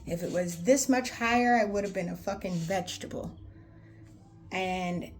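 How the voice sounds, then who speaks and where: A woman's voice: on the low side, moderate pace, soft background music. A young woman telling her own story candidly, blunt and profane, rambling with lots of fillers. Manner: rambling, with many fillers like "like" and "anywho".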